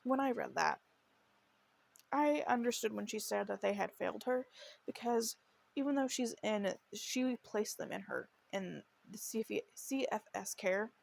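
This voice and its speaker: A woman with a medium-pitched voice and vocal fry speaks a little slowly as she hosts a true crime podcast. She recounts the case earnestly and emotionally, stumbling into restarts whenever she reads quotes.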